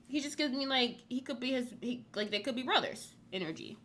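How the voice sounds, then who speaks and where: Chatty woman host, bright tone, rambling loose recap talk. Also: fairly high pitch, lively intonation, normal speed, slight background noise. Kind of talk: casual chat review.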